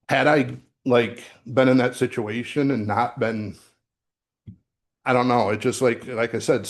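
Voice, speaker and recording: A middle-aged man giving a sermon as associate minister, talking in a conversational way with fillers and restarts, recorded in a church sanctuary. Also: lowish voice. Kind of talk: sermon with personal story.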